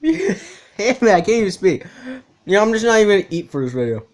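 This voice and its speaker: A man's voice: sits high, big pitch swings, racing. A man casually reacting to a video, joking along and calling people bro. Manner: laid-back, joking, says bro a lot.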